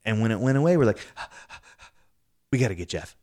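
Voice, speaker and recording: A man casually telling an excited story about a paranormal investigation, acting out what was said. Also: moderate pace, no room sound, studio quality. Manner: excitable, acts out quotes, rising pitch when telling.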